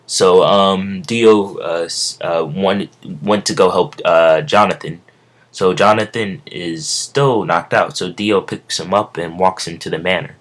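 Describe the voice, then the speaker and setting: A man's voice: low voice, unhurried. A young man improvising a fan story, rambling with many fillers and self-corrections. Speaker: amateur storyteller.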